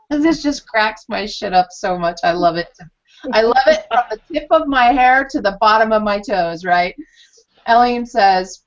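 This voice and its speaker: A woman's voice: on the high side, normal speed. A woman hosting a casual live chat, talking expressively and acting out quoted reactions with frequent laughter. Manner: animated, acts out quoted reactions, laughs often. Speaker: channeler and host. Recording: dull lo-fi sound.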